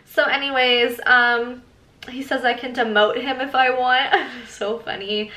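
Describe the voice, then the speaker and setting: A woman's voice: sits high, little pitch movement, a little slow, bright, forceful tone, roomy sound. A young woman telling a casual storytime as a vlogger, chatty and reading old texts aloud with laughing asides. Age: young adult.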